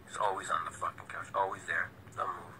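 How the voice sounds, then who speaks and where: A man's voice: low voice, level tone, brisk, sharp tone, slight background noise, rough recording. A man talking agitatedly into his phone on a live stream at home, rambling and swearing. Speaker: vlogger and self-styled presidential candidate. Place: indoors at home.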